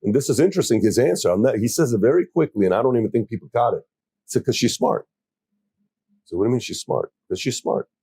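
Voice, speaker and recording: Brief: male host, warm dark tone, slightly husky, dry close sound, thoughtful questions. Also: medium pitch, animated, racing, no room sound. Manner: reflective, questioning. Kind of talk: casual podcast chat.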